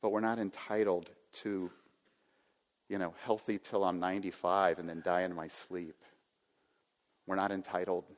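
Preaching at a normal speed with frequent pauses, this sixties-aged pastor keeps his voice low and even. His earnest delivery is broken now and then by an imitation of a self-important inner voice, and the church hall adds a lengthy echo.

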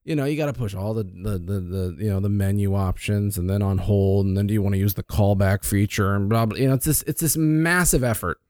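A man who is a financial planner, chatting on a talk show. He tells stories in an animated way, acting out quoted lines and often restarting and repeating words. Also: lowish voice, a little fast, few pauses, dry recording, clean studio sound. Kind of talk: casual radio chat.

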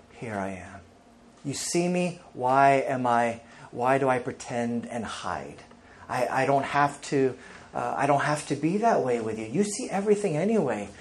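A man's voice: a little high, darkish tone, a little hiss or hum. A male pastor preaching an emphatic sermon, reading scripture aloud and speaking directly to the congregation.

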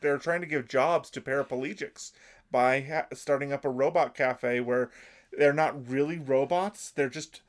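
A man's voice: medium pitch, unhurried. A man in casual chat, recapping an episode for a co-host, laughing often and restarting his sentences. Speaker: podcast co-host.

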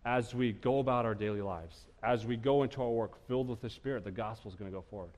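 A man's voice: on the low side, fast. Emphatic preaching man in a reverberant hall. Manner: emphatic preaching, swinging between loud declarations and hushed lines. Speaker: pastor. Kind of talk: sermon. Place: church sanctuary. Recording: church hall with long reverb.

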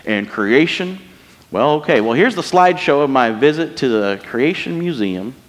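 A man's voice: medium pitch, expressive, normal speed, big-room sound, pitched below the performer's own voice, close to an everyday voice. A man voicing a folksy Southern churchgoing man with a put-on Southern US accent, drawling and chummy.

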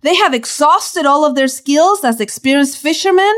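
A woman's voice: high voice, expressive, normal speed. A woman reading her own devotional book aloud, telling stories with dramatic, preacherly emphasis.

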